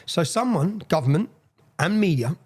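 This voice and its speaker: A man's voice: high voice, expressive, moderate pace, a little mellow, breathy edge. A man with an English accent giving a TV interview, speaking in a defiant, emphatic way and repeating phrases for weight.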